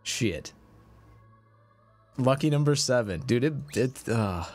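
An excitable male game streamer talking through his card pulls, his pitch leaping up and dropping all over the place. He jokes at his own bad luck and sometimes drops to a low mutter. Faint music plays under his voice. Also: slow. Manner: excitable, self-mocking, swings between hype and deflated mumbling. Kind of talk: live-stream commentary on gacha pulls.

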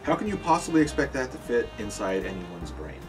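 A male podcast host interviewing a guest, teasing her with dry deadpan jokes. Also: mid-range voice, brisk. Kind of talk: casual interview chat over drinks. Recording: distant mic with faint music.

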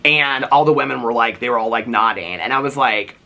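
A man's voice: medium pitch, a little fast. A man in his forties, chatting casually to camera as a vlogger, full of fillers and acting out the people he quotes. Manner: animated, voices people he quotes.

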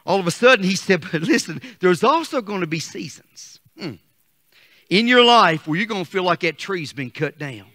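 A pastor preaching his sermon in a high, bright, ringing voice. He calls out to the congregation for responses and reads scripture slowly. He then builds his lines into forceful, rising peaks. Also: expressive, in a large hall.

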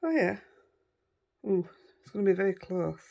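A woman's voice: mid-range voice, very animated, normal speed, creaky, a little mellow, lo-fi sound. A middle-aged woman with a Yorkshire accent chatting casually as she crafts at home, thinking aloud and poking fun at herself. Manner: rambling, self-deprecating, thinking aloud. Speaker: craft vlogger.

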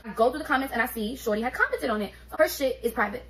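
A woman, telling a story on her vlog in an animated, profane, streetwise way. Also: fairly high pitch, racing, poor audio. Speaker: beauty vlogger.

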